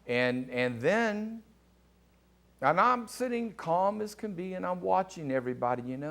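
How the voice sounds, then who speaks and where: A middle-aged pastor telling a personal testimony in a sermon, animated and excitable, with a gravelly voice. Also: male voice, unhurried. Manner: animated storyteller, rising to excited high pitch at climaxes. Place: television studio.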